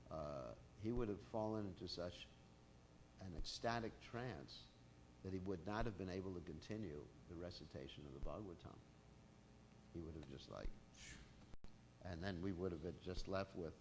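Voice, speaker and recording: Deep-voiced man giving a casual scripture lecture. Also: slight background noise. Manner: casual storytelling with frequent fillers. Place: temple hall with a masked audience.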